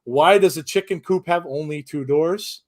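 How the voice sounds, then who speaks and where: A man's voice: a little high, moderate pace. A man hosting a live wrestling podcast stream, reading chat jokes aloud and laughing through them until he is teary. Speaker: podcast host.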